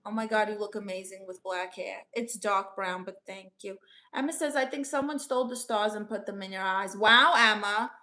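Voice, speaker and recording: Bright-voiced New York woman reading chat. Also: medium pitch, normal speed. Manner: chatty, calls viewers honey, playful aunt persona. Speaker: live streamer giving advice. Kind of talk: live stream chat, reading comments aloud.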